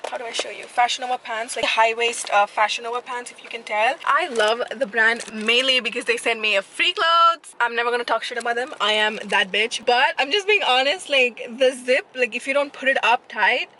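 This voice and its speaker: A woman's voice: on the high side, fairly quick, hardly any pauses, pushed and bright, a little hiss or hum, poor audio. A young woman talking casually to her vlog camera, candid and profane as she tells stories. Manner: candid, profane, chatty storytelling. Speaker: vlogger.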